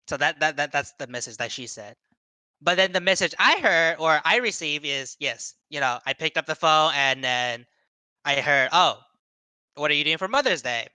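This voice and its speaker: A man's voice: fairly high pitch, animated, moderate pace, pushed and bright, clear, resonant tone, dry recording. A young man giving a casual seminar talk to young people, rambling with many fillers and restarts and acting out quoted voices. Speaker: seminar speaker.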